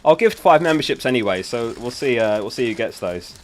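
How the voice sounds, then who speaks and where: A man's voice: mid-range voice, expressive, fairly quick, slight background noise. A young man hosting a casual livestream, chatty and giggly as he talks to his viewers from home. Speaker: livestream host. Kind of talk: casual live-stream chat.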